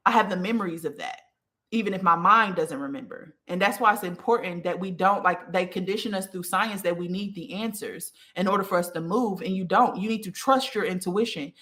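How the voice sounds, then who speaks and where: A spiritual teacher with a lowish, slightly bright voice gives a casual talk, speaking directly to her listeners. She's conversational, often checking in with "okay" and using many fillers like "okay" and "like."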